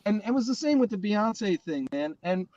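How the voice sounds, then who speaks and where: A middle-aged man with a fairly high voice tells stories in a loose, animated way, slipping into other people's voices and swearing freely. He is on a video call, and the sound is slightly dull and lo-fi. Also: moderate pace, a crowd in the background. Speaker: guest drummer. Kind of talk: casual storytelling chat.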